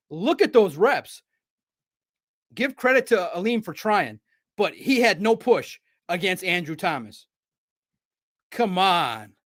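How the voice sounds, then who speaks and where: A man chats through a casual sports recap in a high, lifted voice. His tone is bright and ringing. He riffs and jokes, then suddenly gets loud for emphasis. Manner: animated, jokey riffs with sudden loud bursts. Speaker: sports show host.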